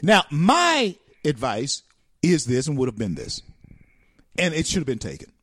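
Animated American preacherly talk host. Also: male voice, a little high, unhurried, breathy edge, dry recording, clean studio sound. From United States. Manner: animated, preacherly, repeats phrases. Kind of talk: talk show monologue.

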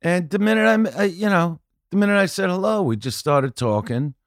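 A man telling stories as a podcast guest, profane and rambling, saying "you know" constantly and often building to loud punchlines. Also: high voice, fairly quick, no echo, studio quality. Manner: animated, often shouting punchlines. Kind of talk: casual storytelling chat.

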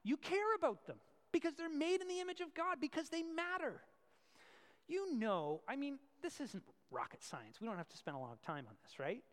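Animated high-voiced male pastor preaching. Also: normal speed, big-room sound. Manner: animated, shifts between loud emphasis and quiet asides. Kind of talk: sermon.

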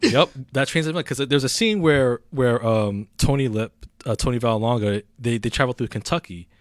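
A man's voice: medium pitch, brisk, dry recording, clean studio sound. A man casually reviewing a film on a podcast, rambling with many fillers and restarts. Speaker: movie reviewer.

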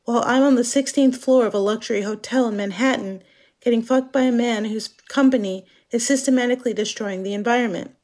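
Here a woman from Germany acts as narrator for a scripted dramatic monologue. Her voice sits fairly high and has a darkish tone, and she proceeds slowly in a measured, introspective manner.

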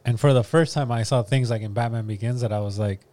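A man hosting a casual chat, relaxed and asking questions. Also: medium pitch, quick pace, no room sound.

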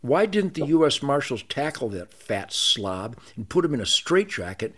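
A man as a podcast guest, ranting in a loud, emphatic, profane way that drops suddenly to quiet. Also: mid-range voice, very animated, moderate pace, breathy edge. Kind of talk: podcast interview.

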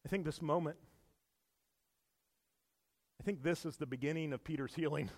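In a big hall that rings with long echoes, a pastor with a high voice preaches at normal speed, earnest and emphatic. He drops to a near whisper, then swells loud again, occasionally tripping over or repeating words amid small laughs.

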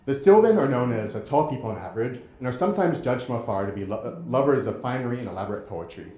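A man giving a lecture and running an interactive game demo, talking in a halting way with many restarts. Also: mid-range voice, lively intonation, dark tone, reverberant. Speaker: presenter.

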